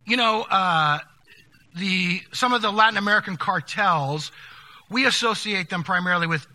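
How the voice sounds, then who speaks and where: An older male pastor telling stories from the pulpit in a high, very bright voice. He talks conversationally, stopping and restarting often, and goes hushed at the sad moments. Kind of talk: sermon storytelling.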